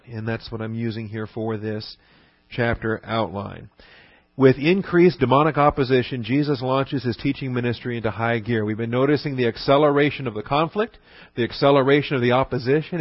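A man's voice: medium pitch, no room sound, muffled recording. A man teaching a Bible class in an earnest, folksy way, with fillers and restarts.

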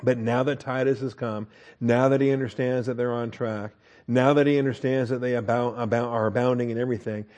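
A man leads a verse-by-verse Bible study in a loose, conversational manner. He restarts his sentences often and keeps checking in with a quick "okay?". His voice sits at an ordinary middle pitch. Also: steady tone, a little mellow. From United States. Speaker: Bible teacher.

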